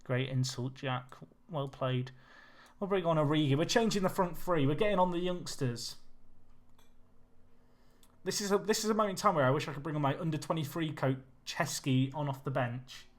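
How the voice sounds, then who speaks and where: A young man chatting with his viewers while he plays, excitable and casual. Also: a little high, normal speed. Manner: chatty, excitable, talks to chat. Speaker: streamer. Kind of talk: live game commentary and chat. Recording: faint music behind.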